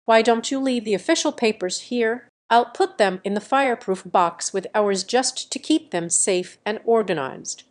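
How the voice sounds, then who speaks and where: A woman voicing a sweetly controlling middle-aged mother, who speaks in a soft, falsely concerned way in a narrated story. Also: on the high side, lively intonation, normal speed, few pauses, lightly acted.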